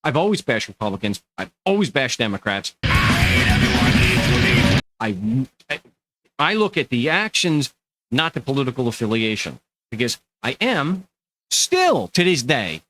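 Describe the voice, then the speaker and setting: A man's voice: mid-range voice, moderate pace, soft background music, low-quality recording. A middle-aged man with a Long Island New York accent, hosting his own channel in a rambling, sarcastic monologue. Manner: animated, sarcastic, rambling with restarts. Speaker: podcast host. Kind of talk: casual monologue to camera.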